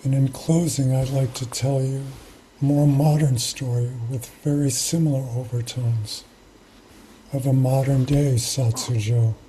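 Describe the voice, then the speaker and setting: Slow, mellow Zen teacher telling a story. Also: mid-range voice, steady tone, a little hiss or hum, poor audio. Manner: slow, measured, reflective storytelling. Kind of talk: storytelling sermon.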